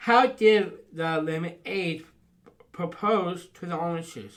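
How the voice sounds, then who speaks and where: Slow-talking man telling simple jokes. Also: high-pitched, a bit bright, slight background noise. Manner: short cheerful replies, reads simple jokes. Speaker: podcast co-host. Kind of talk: casual podcast banter and joke telling.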